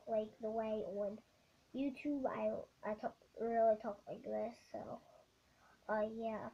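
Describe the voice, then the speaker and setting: Young girl vlogger, high voice, halting and rambling, muffled lo-fi camera sound. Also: husky. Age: child. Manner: halting, many ums and restarts. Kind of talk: rambling casual vlog.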